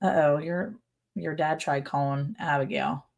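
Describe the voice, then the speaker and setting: A middle-aged woman hosting a casual livestream chat. She is chatty, quick to laugh, and fills her talk with "like". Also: low voice, fairly even intonation, vocal fry, darkish tone. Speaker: ranch channel host.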